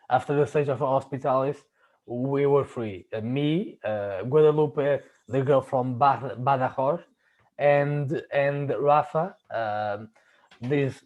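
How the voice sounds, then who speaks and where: A man hosting a casual chat, telling personal stories haltingly, often searching for words and restarting. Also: mid-range voice, a little mellow, dull audio. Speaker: podcast host.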